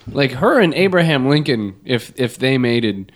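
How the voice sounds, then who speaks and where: A man's voice: medium pitch, expressive, unhurried, a crowd in the background. A man co-hosting a comedy podcast, rambling and joking with lots of restarts. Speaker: podcast co-host.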